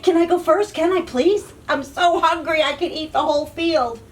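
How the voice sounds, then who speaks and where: A tiny storybook billy goat, as a woman reading aloud puts him on, squeaky and small with a high, pleading voice. The pitch bounces all over. A slightly distant mic with faint hiss behind. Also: big pitch swings, measured pace. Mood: eager.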